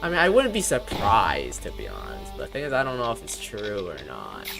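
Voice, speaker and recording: A man's voice: lowish voice, huge pitch swings, a little fast, vocal fry, over music. Rambling non-native-English streamer man. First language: not English. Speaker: game streamer. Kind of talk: casual gameplay commentary.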